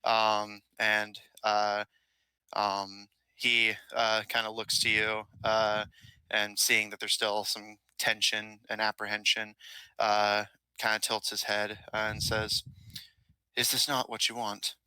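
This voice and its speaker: A man narrating a tabletop game as game master, in a halting way with many pauses. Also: on the low side, completely flat delivery, sharp tone, clean tone, dry recording, poor audio. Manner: halting, filler-heavy narration.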